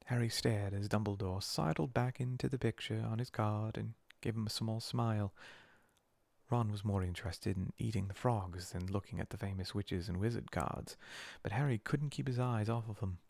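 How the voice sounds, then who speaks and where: A man reading a storybook aloud as a whispered role-play, slow and soothing. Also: fairly low pitch, creaky, darkish tone, dry recording. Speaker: narrator.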